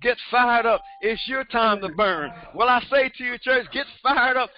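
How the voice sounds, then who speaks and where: A man in his seventies, a pastor preaching a sermon with emphatic repetition that rises to shouts. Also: very high-pitched, animated, normal speed. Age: 70s. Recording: dull, dry recording.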